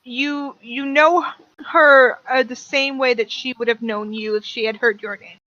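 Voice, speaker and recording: A woman narrating as game master of a tabletop game, explaining rulings in a halting, plain way. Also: high voice, steady tone, sharp tone, no echo, muffled recording.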